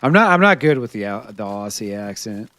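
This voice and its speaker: An American man streams a video game live, chatting with his viewers, laughing often and muttering to himself as he hunts for gear. His voice is fairly low and sing-song, a little bright, and he talks fairly quickly. The recording is dry.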